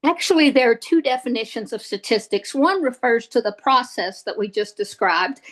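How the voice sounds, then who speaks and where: A woman talks through a recorded statistics lesson. Her voice sits a little high, and she pauses and corrects herself often, filling gaps with "um". The delivery is casual and unpolished. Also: a bit bright, low-quality recording. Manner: hesitant, many fillers and restarts. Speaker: statistics instructor. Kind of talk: recorded lecture.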